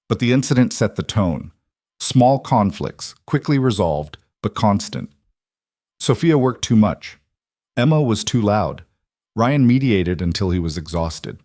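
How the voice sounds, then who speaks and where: A male narrator reads a scripted story in an even, measured way, with a fairly low voice. The sound is dry and close, with no room around it. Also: no echo.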